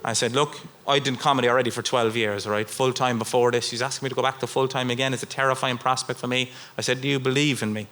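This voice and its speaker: A middle-aged Irish man performing stand-up comedy, telling a story with swings from low mutters to high outbursts. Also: flat delivery, fast, hardly any pauses, a bit bright. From Ireland. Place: live stage.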